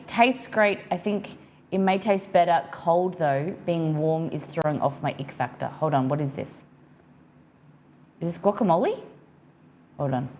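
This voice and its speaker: A woman with an Australian accent hosts a cooking live-stream, chatting easily and reading viewer comments aloud as she reacts to each one. Her voice sits fairly low for a woman. A faint hum of background noise runs under her talk. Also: a little mellow.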